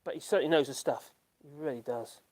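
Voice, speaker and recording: An older man with a Norfolk accent, hosting a casual livestream and reading chat comments in a rambling, halting way full of ums and laughs. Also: on the high side, darkish tone. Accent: Norfolk English. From Norfolk, England.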